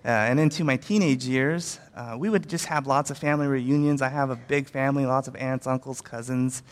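A man's voice: mid-range voice, big-room sound. A man preaching a sermon in a casual, conversational way, often acting out quotes and using fillers. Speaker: pastor.

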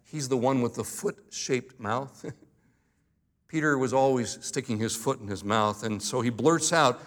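A pastor delivering a sermon. He speaks earnestly and emphatically, slowing down to stress key words, and adds light humorous asides. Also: medium pitch, a bit bright.

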